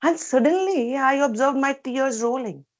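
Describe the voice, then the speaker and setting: A woman's voice: high-pitched, moderate pace. A woman giving a prepared, reflective personal speech at a club meeting over a video call, asking many rhetorical questions. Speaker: speaker at a public speaking club meeting.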